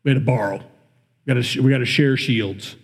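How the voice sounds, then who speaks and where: A man's voice: medium pitch, fairly quick, breathy edge. A man with a Midwestern accent preaching a sermon, reading scripture and breaking off into conversational, emphatic commentary. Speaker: pastor.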